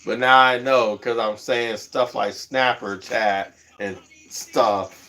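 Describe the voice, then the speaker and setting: A man's voice: mid-range voice, steady tone, slow, pushed and bright. A man livestreaming, chatting casually and rambling, chuckling often as he talks.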